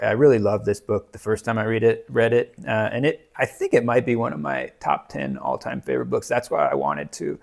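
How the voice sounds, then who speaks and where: A man's voice: mid-range voice, gravelly. A man chatting casually about books, rambling with many fillers and restarts. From United States. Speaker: book reviewer. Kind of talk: casual book chat.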